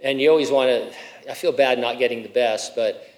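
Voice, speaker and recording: A man's voice: medium pitch, fairly quick. A middle-aged man preaching a sermon as pastor, talking casually with asides and rhetorical questions, and lifting his voice when he reads scripture. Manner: reads scripture with rising emphasis. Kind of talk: expository sermon.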